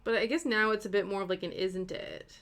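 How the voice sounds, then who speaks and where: A young woman with a British accent softened by years in Canada, chatting casually on a live stream while she cross-stitches. She rambles, fills her talk with "like," and laughs easily. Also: medium pitch, very fast. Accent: British, softened by long years in Canada. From Britain. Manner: chatty and rambling, heavy with "like" fillers and easy laughs.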